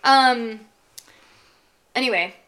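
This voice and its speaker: A young woman co-hosting a podcast chats casually and rambles, using lots of fillers. Her voice is a little high, bright and forceful, and she speaks extremely slowly.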